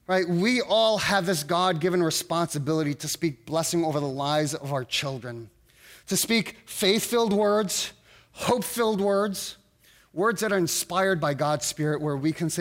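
A middle-aged male pastor preaching a sermon in an earnest, halting way, often restarting his sentences. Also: high-pitched, fairly bright tone.

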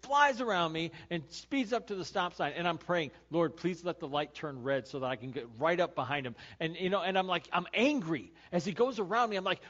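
A middle-aged man preaches in a church, slightly high-voiced and animated as he acts out a story, then drops to a quiet, earnest tone. The recording sounds muffled and lo-fi. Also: brisk, few pauses. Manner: animated storytelling, acting out his own road rage; turns quiet and earnest when making the point. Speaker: pastor. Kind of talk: conversational sermon with personal stories. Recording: dull lo-fi sermon recording.

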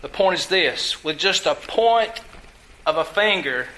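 A man preaching a sermon, teaching from scripture with emphasis and putting questions to his listeners, drawing some words out slowly for stress. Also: high-pitched, animated, pushed and bright, rough recording. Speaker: pastor.

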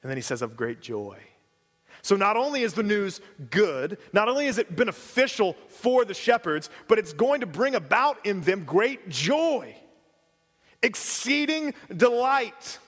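A pastor giving a conversational sermon with casual asides and relaxed, everyday phrasing. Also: male voice, sits high, measured pace, long reverb tail.

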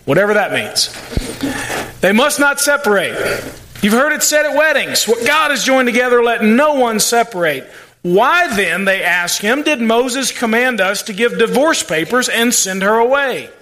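A man's voice: extremely high pitch, lively intonation, normal speed, sharp tone. A male pastor preaching a sermon, folksy and plain-spoken, with asides and playful sarcasm. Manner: acts out quoted voices.

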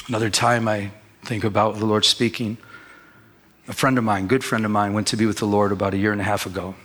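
A middle-aged male pastor telling a personal story in a sermon, animated and conversational, acting out his own past words. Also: lowish voice, brisk, breathy edge. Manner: storytelling, animated when quoting himself.

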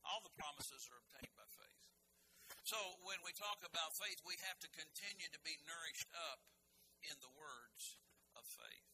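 Man, pastor, sermon, high voice, folksy and conversational, joking asides, noisy background. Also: moderate pace. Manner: folksy, conversational preaching with humorous asides and frequent restarts.

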